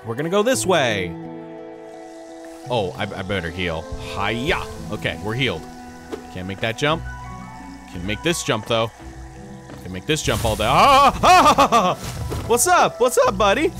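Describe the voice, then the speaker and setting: A young man giving casual, goofy let's play commentary, excitedly talking to the game's characters. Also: mid-range voice. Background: game music.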